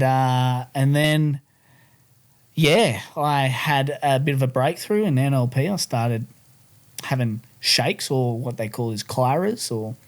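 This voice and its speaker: A man's voice: mid-range voice, a little mellow. A man telling a story on a casual podcast, rambling and swearing as he goes. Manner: rambling, swears, many fillers. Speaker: podcast co-host.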